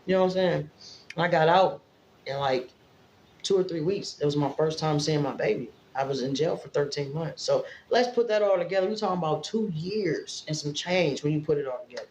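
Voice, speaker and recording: A woman's voice: sits low, a little fast, a little mellow, echoey room, slight background noise, low-quality recording. A woman from Indiana talking straight to her viewers in a casual vlog, rambling and emotional. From Fort Wayne, Indiana, US. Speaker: vlogger. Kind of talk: casual livestream-style vlog talk.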